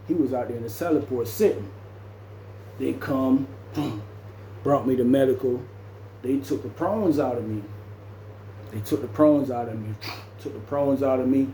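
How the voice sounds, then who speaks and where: Man, casual storytelling, acts out voices and sound effects, mellow tone, roomy echo. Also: medium pitch, a little hiss or hum. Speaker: storyteller recounting his jail time.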